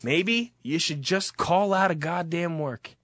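A man's voice: on the high side, slow pace, fairly bright tone, dry recording. Exasperated man in a profane rant. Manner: exasperated, heavy swearing.

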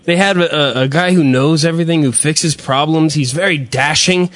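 A man's voice: fairly high pitch, normal speed, fairly bright tone, dry recording. An American man hosting a casual interview, joking and self-mocking with rambling questions. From United States. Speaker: podcast host.

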